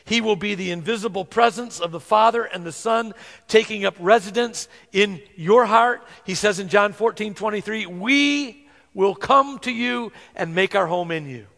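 A man preaching a sermon, earnest, slowing down to stress scripture verses. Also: sits high, creaky, sharp tone. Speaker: pastor. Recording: long hall reverb.

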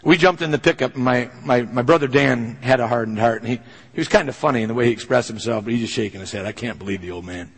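A man's voice: mid-range voice, fast, breathy edge, long reverb tail, poor audio. A man pastor preaching a sermon, telling a personal story in an earnest, conversational way.

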